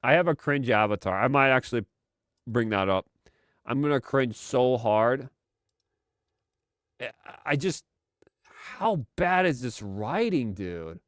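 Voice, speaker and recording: Male stream host, slow and sarcastic, smooth clear voice, dry close sound. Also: mid-range voice, expressive, fairly bright tone, no echo. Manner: sarcastic, exasperated. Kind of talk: live commentary stream.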